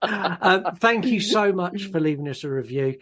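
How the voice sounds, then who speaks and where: Male podcast host, fairly high voice, blunt, swears in casual film chat. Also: fairly bright tone. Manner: blunt and swears freely, with many "um"s. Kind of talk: casual chat about films.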